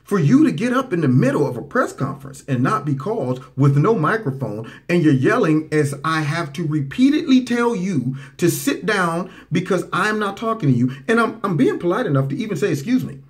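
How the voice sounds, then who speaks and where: A man hosts a political commentary show, answering clips with mockery. His voice sits a little high and swings widely, jumping up for sarcastic impressions. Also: fairly quick, few pauses. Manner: animated, mocking, swoops into high voices for impressions.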